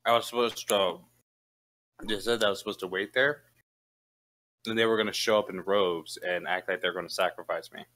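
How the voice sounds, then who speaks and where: Deep-voiced blunt man grumbling. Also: steady tone, brisk, long pauses, sharp tone. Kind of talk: casual chat.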